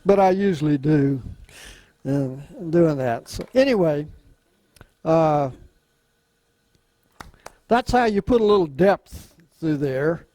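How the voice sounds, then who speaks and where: Older Southern man, unhurried folksy demonstrator, a bit high-pitched. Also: lively intonation, mellow, no echo, poor audio. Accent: Southern US, softened. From Louisiana, US. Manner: unhurried, folksy, chuckles often. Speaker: woodturning club demonstrator. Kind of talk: casual demonstration talk.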